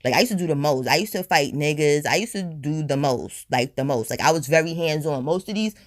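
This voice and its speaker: A woman telling a storytime on her vlog in a blunt, profane, animated way, a little high and tipsy. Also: a little fast. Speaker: storytime vlogger. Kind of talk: casual storytime monologue.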